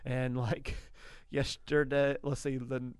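A man co-hosting a Christian radio show, telling family stories in an animated, casual way. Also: medium pitch, slow, smooth, dry recording. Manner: animated storyteller, acts out quotes. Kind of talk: casual faith talk on radio.

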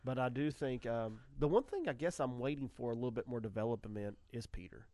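A man hosting a radio talk show in casual chat, an animated storyteller with frequent restarts. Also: medium pitch, fairly quick, no room sound, clean studio sound.

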